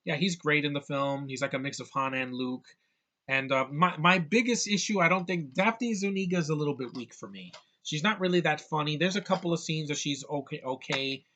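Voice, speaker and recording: A man's voice: a little high, sharp tone. A man giving a casual, rambling movie review, sarcastic and full of restarts.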